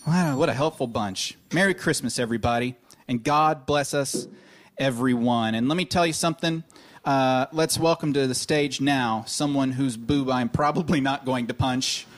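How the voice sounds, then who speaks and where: A man's voice: a little high, normal speed. A man hosting a live radio comedy show, playing a grumpy holiday skeptic with blustery comic energy. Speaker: host. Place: stage before a live audience.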